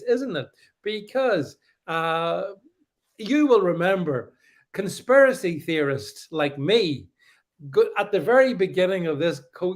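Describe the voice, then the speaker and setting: A middle-aged man hosting a casual livestream, talking in a sarcastic, mocking way and laughing often. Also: sits high. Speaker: livestream host.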